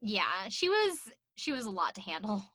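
A woman's voice: medium pitch, big pitch swings, normal speed, bright, forceful tone. A young woman co-hosting a podcast, chatting casually about a show, swearing and laughing often. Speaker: podcast co-host. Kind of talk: casual recap chat.

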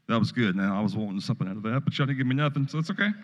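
A man's voice: mid-range voice, lively intonation, rapid-fire. A middle-aged male pastor giving a sermon in a folksy, conversational way, with storytelling asides. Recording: long reverb of a hall.

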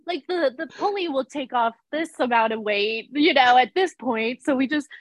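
A woman's voice: high-pitched, normal speed, dry recording. A young woman recapping a TV episode in casual chat, laughing often and saying "like" a lot. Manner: chatty, laughs often, fillers like "like". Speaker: podcast co-host recapping a TV episode.

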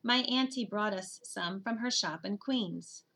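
A woman's voice: medium pitch, measured pace, fairly bright tone, husky. Woman voicing a bossy, irritable older brother. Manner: irritable, commanding. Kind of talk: audiobook character voice.

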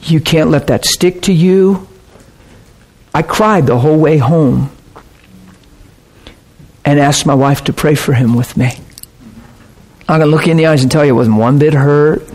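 Husky man preaching earnestly. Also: a little high, normal speed, pauses often, darkish tone. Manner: earnest, intense, retells quoted dialogue. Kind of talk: sermon storytelling.

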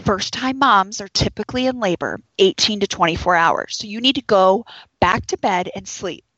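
A young woman who works as a labor and delivery nurse tells a personal story, slipping into the voices of the people in it. Her voice sits at a mid pitch. The sound is dry and close, slightly dull and lo-fi. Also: normal speed, dry recording. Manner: animated, acts out quoted voices. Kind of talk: storytelling to an audience.

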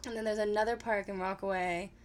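A woman's voice: medium pitch, steady tone, fast talker. Woman, podcast co-host, laid-back casual chat, slangy, self-deprecating. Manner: laid-back, self-deprecating, laughs often, uses slang like stoked and sick.

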